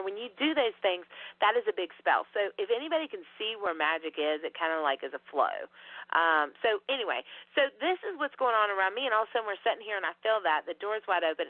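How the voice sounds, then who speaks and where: A woman's voice: mid-range voice, dry recording. Profane woman over a phone line. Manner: animated, profane, rambling. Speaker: podcast guest. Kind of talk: casual storytelling. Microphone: phone call. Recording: dry tinny phone line.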